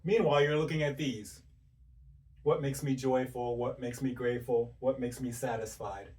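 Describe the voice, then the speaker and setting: A man delivers a motivational monologue straight to his listener, stacking one pointed rhetorical question on another. His pitch sits in an everyday middle range. The voice sounds a little distant, as though he stands back from the microphone. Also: steady tone, a little mellow. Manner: rapid-fire rhetorical questions, direct and emphatic. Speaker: self-help speaker.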